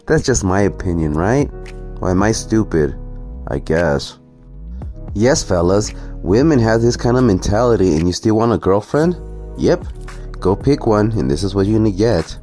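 A man's voice: fairly low pitch, lively intonation, normal speed, dark tone, soft background music. A man ranting sarcastically and profanely through a reaction commentary video. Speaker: commentary vlogger.

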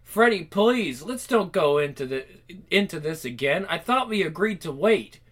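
A man's voice: on the high side, big pitch swings, moderate pace. A man reading as Francine, a flustered young woman. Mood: pleading. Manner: exasperated, fretful. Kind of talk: reading a comic aloud.

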